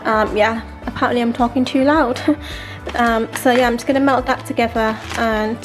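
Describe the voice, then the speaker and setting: A woman's voice: fairly high pitch, normal speed, music in the background. A woman cooking in her home kitchen, chatting casually to the camera as she goes. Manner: chatty, relaxed, often says um and like. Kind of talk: casual chat.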